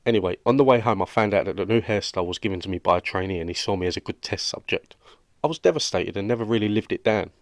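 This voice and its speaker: A man's voice: fairly low pitch, fast talker, no room sound, studio quality, natural voice. A man voicing a lonely, awkward young roommate in a cartoon, speaking with a British accent in an earnest, rambling way. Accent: British English. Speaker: cartoon character. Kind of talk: animated comedy dialogue.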